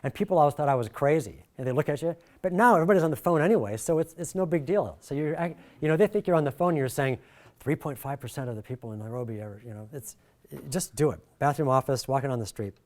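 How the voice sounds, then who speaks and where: Animated man giving a workshop talk. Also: fast. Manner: animated, jokey, swings pitch and volume a lot. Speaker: workshop presenter.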